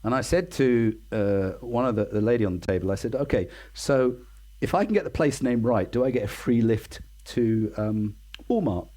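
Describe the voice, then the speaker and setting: A man in his sixties with an English accent tells stories as a podcast guest. He is chatty and self-deprecating, and he acts out the voices of people he quotes. His voice sits at a middle pitch. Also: animated, normal speed, warm tone. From England. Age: 60s. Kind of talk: casual storytelling interview.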